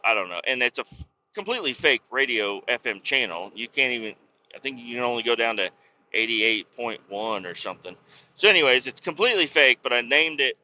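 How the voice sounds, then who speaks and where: Sharp-voiced man rambling casually. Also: medium pitch. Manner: profane, storytelling, worked-up. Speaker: podcast host. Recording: dull lo-fi recording.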